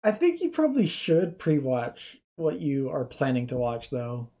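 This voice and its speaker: A reaction streamer giving casual commentary in a subdued, low-energy way, hesitating and restarting sentences often. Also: wildly swooping pitch, a little slow, dark tone. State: subdued and tired.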